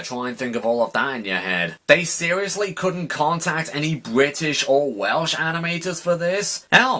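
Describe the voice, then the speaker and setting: Male reviewer, bright timbre, sarcastic and fed-up voice-over. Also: a little high. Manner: exasperated and sarcastic. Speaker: YouTube reviewer. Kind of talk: ranting voice-over commentary.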